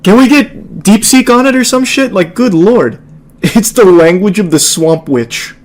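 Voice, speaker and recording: A man's voice: high-pitched, animated, unhurried. A man reacting to a video clip with incredulous, mocking commentary, swearing and laughing.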